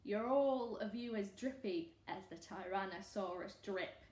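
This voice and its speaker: A woman's voice: mid-range voice, unhurried, a little mellow, voice pushed down, lightly acted. A woman voicing a blustering, scoffing tyrannosaur father in a stern tone. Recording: roomy echo.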